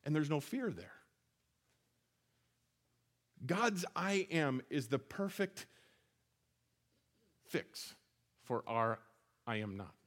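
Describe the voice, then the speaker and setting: A man delivering a sermon in a slightly raised voice. He retells scripture as a lively story, earnest and conversational, often restarting his phrases. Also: a little high, slow, long pauses. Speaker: pastor.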